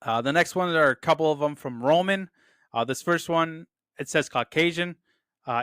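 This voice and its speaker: Bright, clear-voiced male film reviewer. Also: a little high, moderate pace, no echo, clean studio sound. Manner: enthusiastic, repeats "really, really"; quotes lines in a loose put-on delivery. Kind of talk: casual movie review talk.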